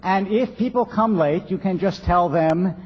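A man giving a sermon as a rabbi, telling stories in a measured way with rhetorical questions, recorded on dull lo-fi sound in a reverberant synagogue. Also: high voice, slight background noise. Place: synagogue sanctuary.

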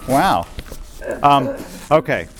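A man teaching a Bible study class to a group in a room. He lectures informally, often checking in with "right?" and pausing on "um". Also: mid-range voice, big pitch swings, a bit bright. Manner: conversational, checks in with "right?", frequent "um".

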